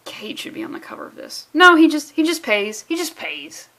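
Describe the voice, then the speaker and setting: A sarcastic woman rambles through a comic book review, swearing freely as she talks. Her voice sits a little high. She delivers loose, offhand vlog commentary. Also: big pitch swings, normal speed, bright, forceful tone, slight background noise.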